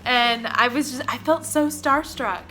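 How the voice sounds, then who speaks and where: A young woman from Oklahoma tells a rambling, excitable story straight to her camera. Her voice sits a touch high with a bright, forward tone. She keeps breaking into little giggles, with faint music underneath. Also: unhurried. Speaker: vlogger. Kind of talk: casual storytime vlog.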